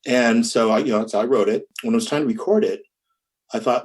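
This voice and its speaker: A man, a musician guest, telling recording stories in a casual interview, animated, laughing often and humming rhythms. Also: mid-range voice, a little fast. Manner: animated, laughing, hums rhythms, many restarts.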